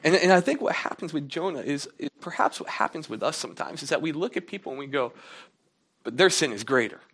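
A man's voice: lively intonation, quick pace, creaky, a bit bright, husky. A man preaching a sermon in a casual, conversational way, acting out quotes in a raised voice. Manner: conversational preaching, acts out quotes with rising pitch. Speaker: pastor.

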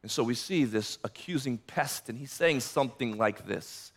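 A man's voice: mid-range voice, normal speed. A male pastor preaching a sermon, emphatic and passionate, often repeating words as he builds momentum.

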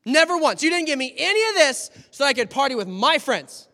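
A man's voice: extremely high pitch, big pitch swings, brisk, bright, forceful tone, pitched above the performer's own voice, exaggerated voice. Man as resentful older brother; indignant complaints, long hall reverb.

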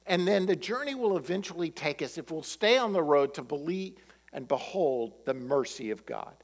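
A man preaching a sermon, in a relaxed conversational way with plenty of fillers. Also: fairly high pitch, moderate pace, in a large hall. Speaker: pastor.

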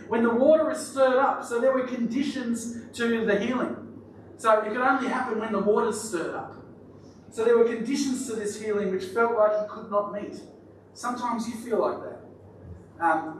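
Aussie pastor guy preaching, chatty and jokey, bit high voice, big echoey hall, noisy far-off mic. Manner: chatty, joking aside to the congregation. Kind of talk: sermon. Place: church hall. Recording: very echoey hall, distant mic, audible noise.

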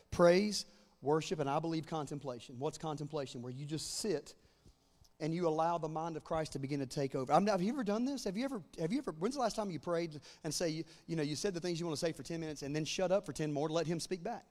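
A man preaching a sermon, moving between fervent shouted proclamation and quieter conversational teaching. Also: on the high side, quick pace, big-room sound.

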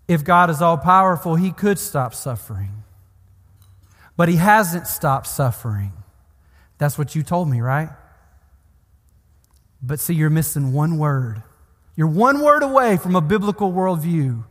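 A man's voice: fairly high pitch, very animated, measured pace, long pauses, a bit bright. A man preaching a sermon in an earnest, pastoral way, building emphasis through repeated phrases. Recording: long hall reverb.

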